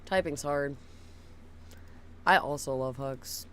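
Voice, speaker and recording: A young woman chatting casually with viewers, blunt and swearing, laughing often, cooing softly at her dogs. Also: low voice, takes it slowly, clean tone. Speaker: streamer.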